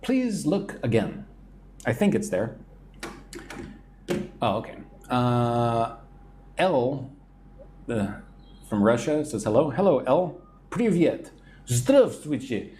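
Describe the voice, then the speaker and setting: American male English teacher, live stream on a phone, chatty, responds to viewer comments, expressive pitch. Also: slow, long pauses, slight background noise. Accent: General American. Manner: chatty, reads viewer comments aloud and answers them.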